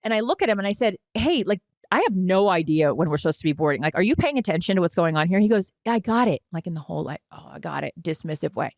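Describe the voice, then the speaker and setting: A woman in her forties, co-hosting a podcast, telling a dramatic travel mishap in a casual, animated way with some swearing. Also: fairly low pitch, rapid-fire, hardly any pauses, no room sound, studio quality. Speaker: podcast co-host. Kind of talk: casual storytelling chat.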